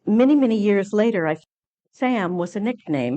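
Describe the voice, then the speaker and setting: A woman at a conference lectern, telling a personal story in a lively way and acting out the dialogue. She often pauses on fillers and restarts her sentences. Her voice sits at a middle pitch for a woman. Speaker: conference speaker. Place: conference lecture hall.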